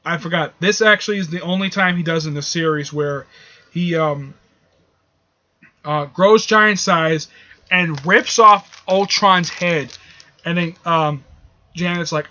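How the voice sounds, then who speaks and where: In dull lo-fi audio, a man gives a rambling, casual review of a comic book issue, full of fillers and restarts. He speaks unhurriedly in a slightly high voice with a sharp tone.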